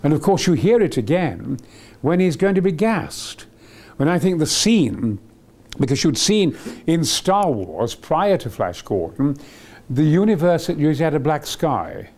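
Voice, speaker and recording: An excitable older man tells rambling anecdotes about his work as an actor. His voice swings widely in pitch as he gets carried away, and he stumbles over fillers and restarts between bursts of enthusiasm. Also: unhurried. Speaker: actor being interviewed.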